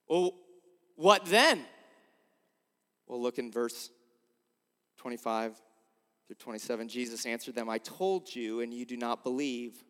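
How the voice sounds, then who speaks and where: A man preaching a sermon as a pastor, earnestly posing rhetorical questions and swinging between emphatic and hushed delivery. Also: medium pitch, measured pace, pauses often. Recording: long hall reverb.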